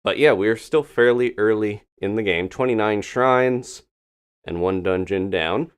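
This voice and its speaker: Low-voiced man chatting over gameplay. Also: measured pace, clean tone. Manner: chatty and upbeat, laughs often, greets chat. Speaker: streamer. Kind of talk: casual live-stream gameplay commentary.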